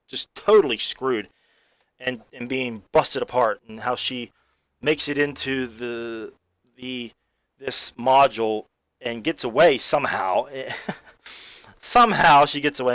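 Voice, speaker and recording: A man giving a casual, excitable spoken film review, rambling with many fillers and restarts. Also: mid-range voice, dry recording.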